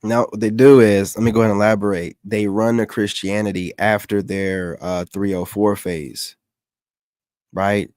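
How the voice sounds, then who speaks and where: A man's voice: on the low side, little pitch movement, normal speed, a little mellow, no echo, studio quality. A man hosting a reaction commentary, mocking and dismissive as he talks back at clips.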